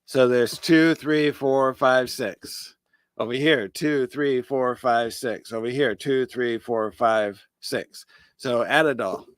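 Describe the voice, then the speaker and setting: A man's voice: mid-range voice, fairly even intonation, slow, smooth, no room sound, clean studio sound. A man co-hosting a casual chat show about magic, explaining tricks step by step and counting aloud. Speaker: podcast co-host.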